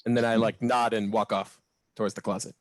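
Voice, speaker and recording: A man's voice: lowish voice, little pitch movement, fairly quick, dry recording. Guy at a tabletop game, dry close sound, kinda hesitant. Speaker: player. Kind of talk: tabletop role-play chat.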